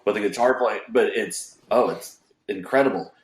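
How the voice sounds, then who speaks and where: A man's voice: on the low side, moderate pace, echoey room. A man from Kansas, a musician guest on a video call, chatting enthusiastically with a self-deprecating manner. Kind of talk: casual interview chat.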